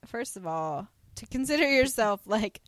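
A woman's voice: a little high, moderate pace, no room sound. Woman retelling an episode, dry sound. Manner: animated retelling, quoting characters with laughs. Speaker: podcast co-host. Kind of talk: casual chat recapping a TV episode.

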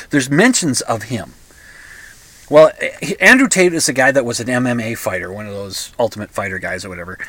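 A man's voice: medium pitch, a bit bright, no echo. An older man talking in a casual, rambling monologue, sarcastic, with frequent restarts and asides.

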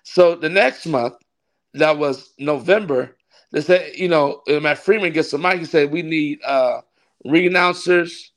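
Man, pastor, casual interview storytelling, somewhat high voice, animated, laughs often. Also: measured pace. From California. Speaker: pastor and wrestling ring announcer.

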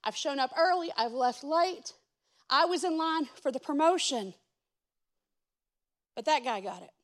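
High-voiced woman pastor preaching. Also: a little slow. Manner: animated, self-mocking storyteller who acts out quotes. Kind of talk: sermon with a comic story.

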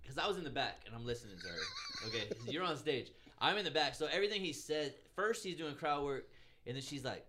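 A man with a fairly high, swooping voice co-hosts a casual chat. He jumps in often and retells the scenes with quoted lines. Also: wildly swooping pitch, fast talker, bright, forceful tone, a little hiss or hum.

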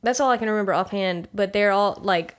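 A woman speaks at a middling pitch. She chats casually as a co-host, rambling and often trailing off mid-thought. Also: a little fast. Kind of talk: casual chat.

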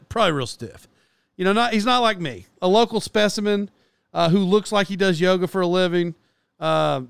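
A man's voice: high voice, fairly bright tone, clear, resonant tone, no room sound. A man in his forties hosting his podcast, chatting in a rambling, self-deprecating way with lots of fillers and restarts. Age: 40s. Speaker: podcast host. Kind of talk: casual rambling monologue.

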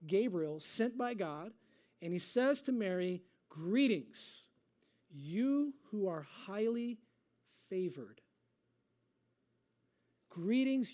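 High, mellow-voiced male preacher. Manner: dramatic readings with slowed, drawn-out emphasis; conversational asides. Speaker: pastor. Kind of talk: sermon.

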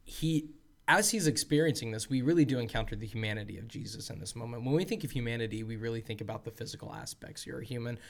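A man's voice: medium pitch, fast talker, creaky. A man co-hosting a casual theological discussion, earnest and emphatic, often restarting his sentences. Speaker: podcast co-host.

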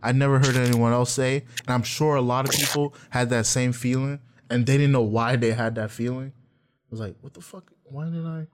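A man talking casually on a podcast, his voice at an everyday middle pitch. He tells stories with lively energy, slips into the voices of the people he quotes, and swears freely. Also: moderate pace. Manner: animated storytelling, acts out quotes, profane. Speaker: podcast co-host. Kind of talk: casual chat.

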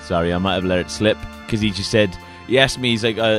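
A man in his thirties co-hosting a podcast in casual banter, dry and teasing, and he jumps up in pitch when he jokes. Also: fast, hardly any pauses, fairly bright tone, soft background music. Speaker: podcast co-host.

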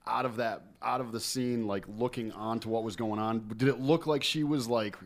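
A man's voice: medium pitch, fairly even intonation, normal speed. A man from New hosting a casual podcast chat, asking many curious follow-up questions. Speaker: podcast host.

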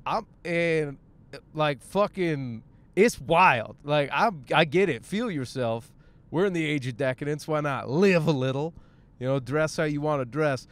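A man's voice: fairly high pitch, animated, unhurried. A man hosts a casual podcast monologue from his car, rambling, joking and swearing freely. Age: 30s. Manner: rambling, profane, jokey. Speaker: podcast host. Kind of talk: casual monologue while driving.

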